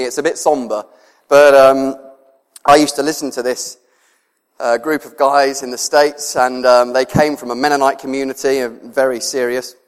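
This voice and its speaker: A man preaching a sermon to his congregation, talking conversationally, often chuckling and moved close to tears. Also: mid-range voice. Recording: long hall reverb.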